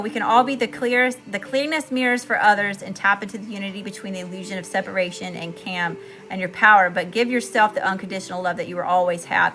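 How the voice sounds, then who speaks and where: A woman from Mississippi hosting a spiritual livestream, giving effusive shout-outs to viewers in casual chat. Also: mid-range voice. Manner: effusive, warm shout-outs with lots of "y'all".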